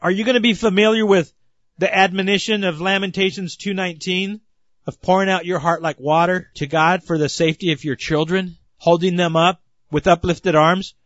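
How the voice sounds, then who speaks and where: An earnest male preacher delivering a sermon, pressing his points with emphasis and warm appeals to "my friends." His voice sits somewhat high for a man. The recording is dull and lo-fi, with a dry, close sound. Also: fairly even intonation, moderate pace, no room sound.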